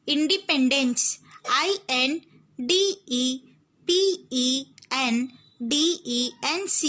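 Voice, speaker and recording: Young woman teacher. Slow and bright, repeats and spells each word for children. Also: sits high. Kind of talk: online class lesson.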